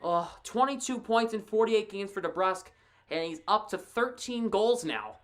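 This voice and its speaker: A woman calling a hockey game live in a loose, fan-style play-by-play. She is excitable and quick to laugh, throwing chatty asides to a co-host between plays. Her voice sits at an ordinary middle pitch for a woman.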